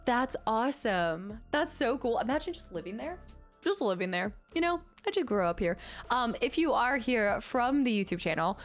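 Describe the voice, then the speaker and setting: A woman's voice: on the high side, sing-song, normal speed, soft background music. A young woman chatting casually on a livestream in a bubbly way, thanking viewers and cooing at her pet.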